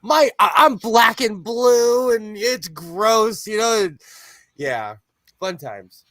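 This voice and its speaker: A man's voice: sits high, lively intonation, takes it slowly, pushed and bright, no room sound. A man chatting casually on a podcast, telling rambling, self-mocking stories full of restarts. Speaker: podcast panelist. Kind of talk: casual chat.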